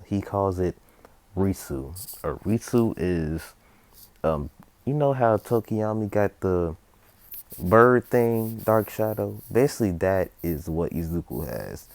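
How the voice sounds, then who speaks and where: A man's voice: low-pitched, expressive, a little slow, darkish tone, no echo. A man improvising a fan story aloud, rambling, full of fillers and self-corrections.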